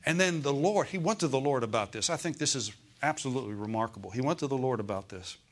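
A man's voice: mid-range voice, lively intonation, quick pace. Man preaching, calling for amens. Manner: calls for amens, repeats phrases for emphasis. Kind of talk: sermon.

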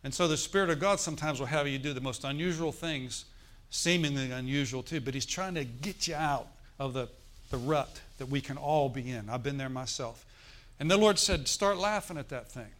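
A medium-pitched male pastor preaches at a moderate pace with few pauses. His sermon features animated storytelling, acted-out forced laughter, and asides inviting the congregation to respond.

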